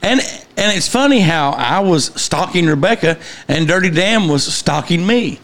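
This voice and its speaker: A man's voice: a little high, lively intonation, normal speed, fairly bright tone. A man hosting a podcast, asking his guests friendly questions in casual chat. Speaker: podcast host.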